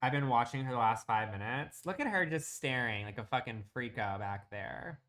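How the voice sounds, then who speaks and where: A man's voice: mid-range voice, lively intonation, moderate pace, fairly bright tone. A man casually chatting on a live stream while he plays a building game, teasing and swearing freely at home.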